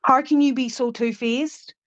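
A woman's voice: high-pitched, fairly even intonation, measured pace. A woman with an Irish accent on a livestream panel, bluntly accusing another panelist. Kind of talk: confrontational live panel talk. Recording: dull lo-fi stream audio.

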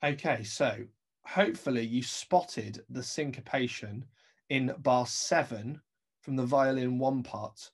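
A man with an English accent teaching a recorded remote music lesson. His voice is gravelly and a little husky, and he explains each point step by step, counting beats aloud as he goes. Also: medium pitch, measured pace.

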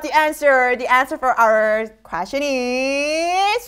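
A woman's voice: sits high, lively intonation, slow, fairly bright tone, clean tone. A young woman hosting a live quiz show, bubbly and playful, laughing often between clues.

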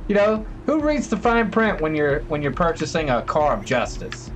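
A man streaming a video game live, talking to his chat in an excitable, joking, chatty way. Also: a little high, normal speed. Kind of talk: live gameplay commentary.

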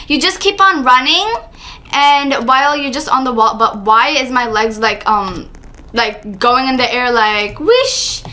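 Woman, high-pitched, bright tone, excitable gameplay commentary, chatty. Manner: excitable, chatty, frequent exclamations. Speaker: gaming channel host.

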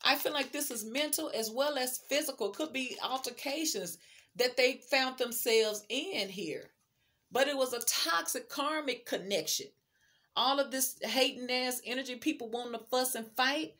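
Chatty higher-voiced woman reading tarot. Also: moderate pace, pushed and bright. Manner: chatty, emphatic, speaks straight to viewer. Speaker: tarot card reader.

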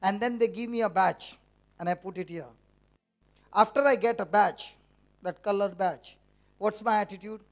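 A man's voice: high voice, normal speed, long pauses. A man preaching a conversational sermon to a church meeting, teasing the congregation with questions.

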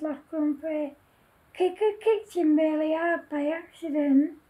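Very high-voiced woman reading a story. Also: fairly even intonation, slow pace, dark tone, rough recording. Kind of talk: reading her own children's story.

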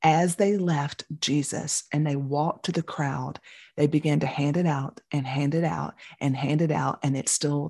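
A middle-aged woman teaching a Bible study, telling the story with animated voices for the people in it. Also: low voice, unhurried, creaky, husky.

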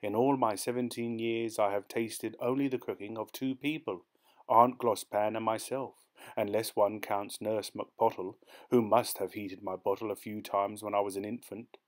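A man voicing a naive, excitable seventeen-year-old boy who speaks in a fussy, formal way. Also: lowish voice, normal speed, natural voice. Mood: eager.

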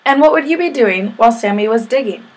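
A woman voicing a calm father who gently questions his son. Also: on the high side, quick pace.

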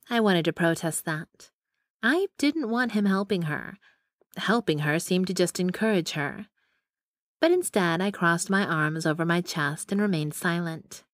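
A woman's voice: fairly low pitch, expressive, a little slow, no room sound. A young adult woman narrating a first-person romance audiobook in an intimate, wry manner on a close mic.

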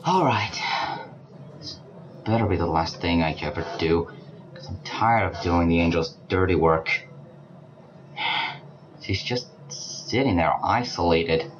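A man giving let's play commentary, talking to the game characters and breaking into panicked shouts. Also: low voice, slow pace, long pauses, lo-fi sound. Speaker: gaming channel host. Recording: clear background noise.

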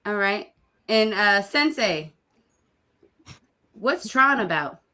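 A woman playing as a contestant in a casual game show, talking quickly and excitedly. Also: mid-range voice.

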